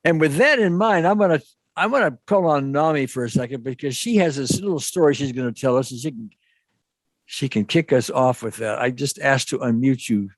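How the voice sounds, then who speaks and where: A man's voice: mid-range voice, fairly quick, dry recording. A man hosting an online webinar, talking in a loose, rambling way and checking in with "okay?". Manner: rambling, restarts and asks "okay?". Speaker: webinar host. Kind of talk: casual teaching talk. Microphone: video call.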